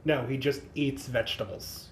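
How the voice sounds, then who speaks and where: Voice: medium pitch, steady tone, normal speed, slight background noise. Laid-back cohost walking thru plots, mid voice, echoey room. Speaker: podcast co-host. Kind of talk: casual chat.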